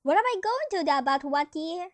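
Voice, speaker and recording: Young woman playing a gentle, placid elderly aunt. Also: extremely high pitch, lively intonation, brisk, no echo. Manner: soothing, gentle, says dear often. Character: sweet, calm elderly aunt, gently matter-of-fact. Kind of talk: amateur stage acting.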